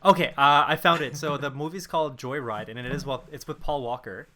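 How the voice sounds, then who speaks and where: A young man co-hosting a casual podcast, chatty and quick to laugh. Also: medium pitch, fairly even intonation, bright, forceful tone. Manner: chatty, quick to laugh, reads aloud haltingly. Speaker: podcast co-host. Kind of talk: casual chat.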